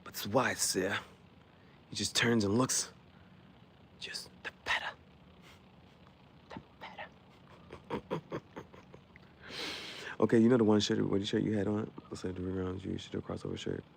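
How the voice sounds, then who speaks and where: A man's voice: on the low side, flat delivery, unhurried, vocal fry, long pauses, a little hiss or hum. Laughing, playful male streamer. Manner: playful, laughs often, riffs on the spot. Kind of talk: casual live-stream chat with viewers.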